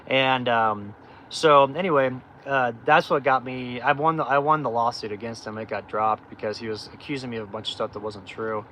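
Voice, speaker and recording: A middle-aged man speaks off the cuff in a casual livestream, circling back and restarting his sentences. His voice sits at an ordinary middle pitch. Faint outdoor noise runs underneath. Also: moderate pace, bright, forceful tone, low-quality recording. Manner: rambling, candid, many fillers and restarts. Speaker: off-grid channel host.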